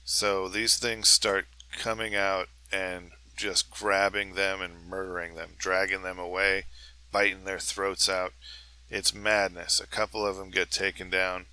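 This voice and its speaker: A man with a low voice hosts a comedy podcast, rambling through crude jokes. His tone is bright and forceful, and he keeps the chatter loose. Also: flat delivery, a little slow, clear, resonant tone, low-quality recording. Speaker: podcast host. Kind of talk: comedic monologue.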